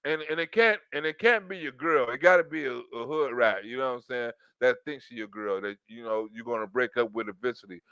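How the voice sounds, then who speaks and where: A man's voice: medium pitch, fairly quick, hardly any pauses, sharp tone, clean tone, dry recording, lo-fi sound. A man hosting an online show, riffing in a crude, rambling, comedic way, stammering and restarting as he acts out quoted lines. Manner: crude, rambling storytelling full of acted-out quotes.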